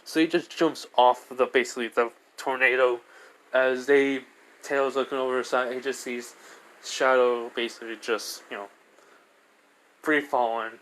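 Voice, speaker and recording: Casual male storyteller, mid-pitched, loose and rambling. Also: fairly even intonation, normal speed, a bit bright, low-quality recording. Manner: rambling, full of "you know" and "basically". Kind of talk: casual fan story retelling.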